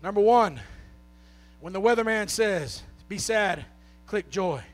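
A man preaching a sermon with a Southern US accent, swinging from shouted, half-sung peaks down to soft, low talk. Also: expressive, takes it slowly, soft background music.

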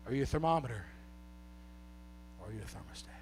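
A man preaching a sermon with a Southern US accent, swinging from shouted, half-sung peaks down to soft, low talk. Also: animated, fast, gravelly, a little hiss or hum.

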